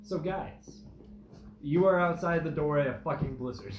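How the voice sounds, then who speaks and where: A man's voice: a little high, normal speed. A young man narrating as game master in a casual tabletop game, laughing often and swearing now and then. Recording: echoey room with loud background noise.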